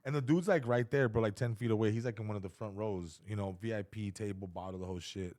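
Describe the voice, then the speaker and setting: A man's voice: lowish voice, quick pace. A male comedian telling stories in casual podcast chat, acting out the quotes with lots of swearing. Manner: animated storyteller who acts out quotes, swears freely. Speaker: comedian guest.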